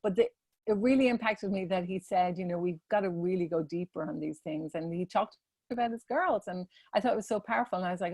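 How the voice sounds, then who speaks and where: A woman's voice: fairly low pitch, fast talker, darkish tone, no room sound. Woman, salon leader, chatty and earnest, lots of fillers, dry close sound. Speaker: salon business leader presenting a webinar. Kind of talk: casual presentation to salon team leaders.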